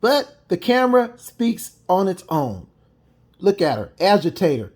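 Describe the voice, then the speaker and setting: A man's voice: high voice, sing-song, a little slow, a little mellow. Emphatic male reaction commentator. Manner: emphatic, repetitive, mocking asides. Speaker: video commentator.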